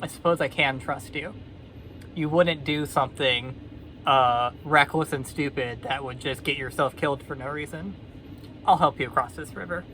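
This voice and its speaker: A woman voicing an excitable male frog who talks in casual dude slang, storybook-style. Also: low-pitched, moderate pace, a little hiss or hum, low-quality recording. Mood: trusting. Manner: surfer-dude slang, jumpy exclamations. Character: excitable nervous male frog, laid-back.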